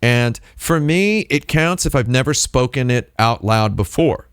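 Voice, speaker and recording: A man hosting a live stream, talking in a rambling, deadpan comedic monologue and playing with made-up words. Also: unhurried, clean tone, no echo, studio quality. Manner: deadpan, playful with invented words, lively pitch swings. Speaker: streamer host.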